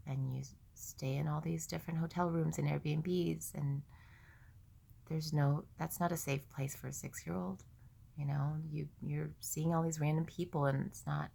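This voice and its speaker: Young woman telling her story kinda haltingly, really low voice with a gravelly edge. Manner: candid, halting, with many restarts and quoted dialogue. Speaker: vlogger. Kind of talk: personal storytelling.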